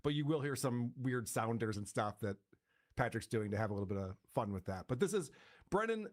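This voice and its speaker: A man's voice: mid-range voice, animated, brisk. Chatty man narrating a stream. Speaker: streamer watching a show. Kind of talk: livestream commentary.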